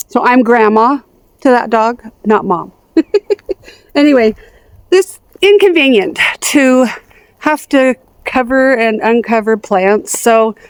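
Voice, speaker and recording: A woman's voice: high voice, no echo. Chatty woman walking her garden. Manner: chatty, talks to her dogs and plants. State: voice going in and out. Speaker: gardening vlogger. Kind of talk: casual garden walkthrough. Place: outdoors in a backyard garden.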